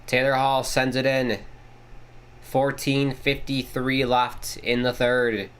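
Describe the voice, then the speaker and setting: A man hosting a casual live watchalong, calling the play-by-play excitedly and swearing casually. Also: slow pace, clean tone. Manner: excitable, jumps pitch on big plays, swears casually. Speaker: watchalong host.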